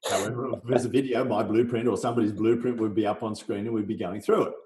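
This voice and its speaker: A man's voice: on the low side, fast talker, a little hiss or hum. A middle-aged man from Australia, a business coach guesting on a podcast, explaining his method with energy and acting out sales talks, in a roomy recording. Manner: energetic, role-plays sales conversations. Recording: roomy echo.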